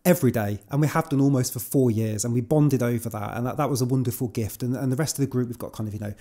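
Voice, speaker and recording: Dark-toned interview host. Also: medium pitch, fast talker. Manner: soft affirming murmurs, enthusiastic. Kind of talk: conversational interview.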